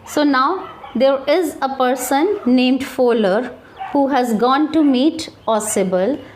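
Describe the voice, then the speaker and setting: A woman teacher explaining a textbook chapter to students. She reads a passage, then paraphrases it, often restarting and filling pauses with "uh". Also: high-pitched, a little hiss or hum. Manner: paraphrases slowly with restarts and fillers. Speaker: English teacher.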